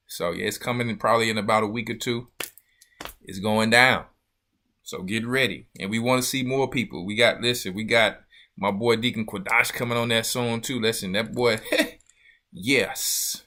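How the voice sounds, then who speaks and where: A man's voice: on the low side, moderate pace, sharp tone. A man, a church elder, hosting a loose, joking livestream chat with viewers. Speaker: church elder and show host.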